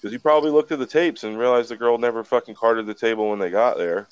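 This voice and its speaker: A man's voice: mid-range voice, quick pace, clear, resonant tone. A man in his twenties, a podcast co-host, telling a rambling, swear-filled story in casual chat.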